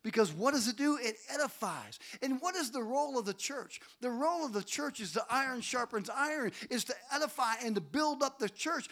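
Brief: middle-aged male pastor, high voice, dynamic call-and-response preaching. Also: animated, a little fast, few pauses. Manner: preaching with call-and-response, swelling to shouts then dropping low. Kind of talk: sermon. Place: church sanctuary.

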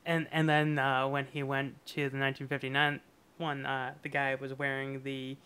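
A man's voice: mid-range voice, monotone, normal speed, bright, forceful tone, smooth. A man co-hosting a podcast, chatting casually and rambling about a TV episode with lots of fillers and chuckles. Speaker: podcast co-host. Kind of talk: casual chat reviewing a TV episode.

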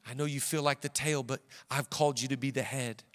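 A man pastor voicing God as a tender, reassuring father, speaking soft and low. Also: fairly even intonation, fairly quick, in a large hall, lightly acted. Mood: tender reassurance.

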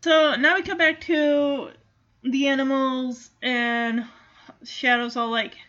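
A woman giving a chatty, animated casual recap of a movie, with asides to the listener. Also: sits high, slow, highs cut off.

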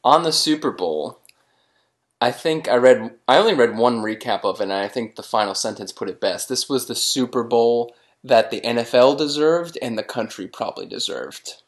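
A man's voice: mid-range voice, animated, normal speed. A man co-hosting a podcast in casual chat, dry and laid-back in manner. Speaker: podcast co-host.

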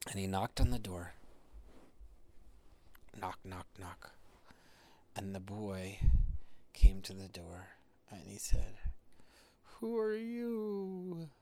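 A man telling a bedtime story to his children in a low, unhurried voice. He talks softly and often drops to a half-whisper, pausing between phrases. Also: steady tone, creaky.

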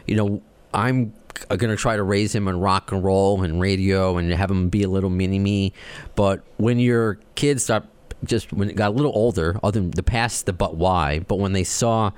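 A man's voice: deep voice, moderate pace, a little mellow, smooth, dry recording. A man hosting a podcast interview, asking long, winding questions with frequent restarts. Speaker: podcast host. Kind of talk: casual interview.

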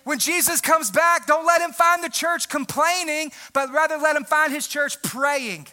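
A young adult man preaches a sermon, loud and emphatic, often shouting his points. His voice sits very high. It has a sharp, piercing edge. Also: moderate pace. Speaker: pastor.

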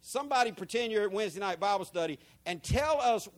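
Male pastor, high voice, sermon delivery that swings from murmurs to shouted peaks. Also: expressive, fast talker. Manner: preaching with shouted peaks and rhetorical questions.

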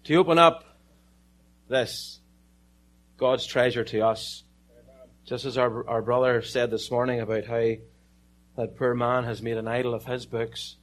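A man with an Irish accent preaching a sermon, telling a story with dramatic pauses and some joking asides. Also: mid-range voice, fairly even intonation. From Ireland.

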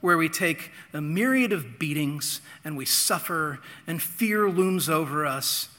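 Middle-aged man, pastor, earnest sermon storytelling, very bright tense voice, long hall reverb. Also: fairly high pitch, animated. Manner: earnest storyteller, dramatic pauses and repetitions.

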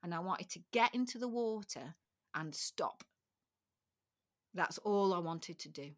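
A woman's voice: lowish voice, expressive, a little slow. A middle-aged woman speaking as a podcast guest, recounting personal experiences frankly and emotionally, often repeating her phrases. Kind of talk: candid personal interview.

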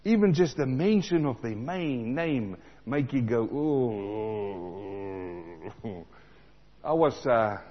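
A man from South Africa preaching a sermon, animated, repeating lines for emphasis and acting out the voices he quotes. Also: medium pitch, measured pace, hardly any pauses, slightly rough. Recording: dull sound in a large reverberant hall.

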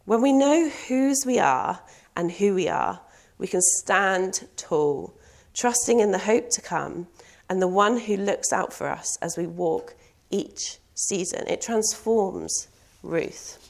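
A woman's voice: medium pitch, lively intonation, slow pace, vocal fry. A young woman preaching a sermon in an earnest, personal way, asking rhetorical questions.

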